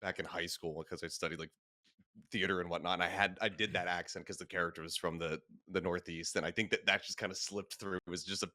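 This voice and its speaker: A man's voice: low-pitched, steady tone, fast, bright, forceful tone, no room sound, clean studio sound. A man who is a guest on a casual esports podcast, speaking in a laid-back, rambling way and laughing often. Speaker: guest analyst.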